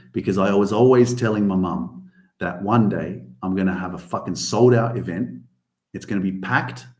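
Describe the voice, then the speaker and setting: A man hosting a casual motivational podcast, talking emphatically, swearing often and pushing his voice up on key points. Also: fairly low pitch. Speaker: podcast host. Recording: roomy echo.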